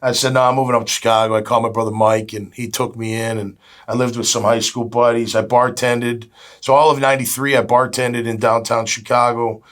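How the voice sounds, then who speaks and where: Interview guest, man in his 50s from florida, mid-pitched, chatty storyteller who acts out what people said. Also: level tone, fairly quick, a bit bright. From Jacksonville, Florida. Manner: chatty, acts out quoted dialogue, many "you know" fillers. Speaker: guest, former pro football player.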